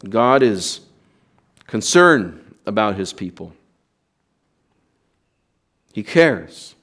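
A man's voice: fairly low pitch, sing-song, extremely slow, a bit bright. A male pastor preaching a sermon in an earnest, emphatic way, repeating words and restarting phrases.

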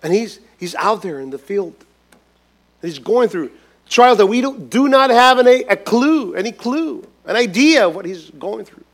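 A man preaching a sermon as a pastor, emphatic and repetitive, swinging between loud stresses and hushed lines. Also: high voice, very animated, moderate pace. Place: church gathering.

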